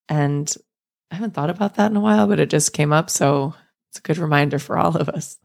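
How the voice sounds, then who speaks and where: A woman in her thirties hosting a reflective solo podcast, speaking gently and thoughtfully with soft laughs. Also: low-pitched, moderate pace, vocal fry. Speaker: podcast host.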